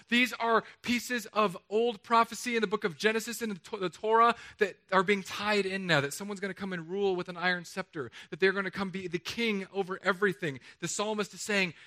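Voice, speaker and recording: High, forceful preaching man. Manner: animated, jokey, acts out the quotes he reads. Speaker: pastor. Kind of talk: sermon. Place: church stage under hot lights.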